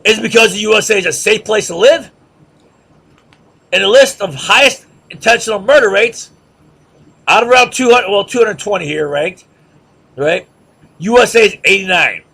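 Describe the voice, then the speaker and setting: Man, lecturer, husky gravelly high voice, mocking rhetorical style. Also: moderate pace, long pauses, sharp tone. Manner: sarcastic, mocking chants and repeated questions.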